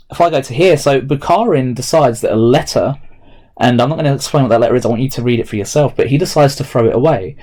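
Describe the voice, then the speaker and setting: A male teacher talks students through a remote lesson, explaining each step aloud as he types notes. His voice is mellow and relaxed, sitting at an ordinary middle pitch. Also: a little fast, pauses often. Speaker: history teacher. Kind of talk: recorded remote lesson walkthrough.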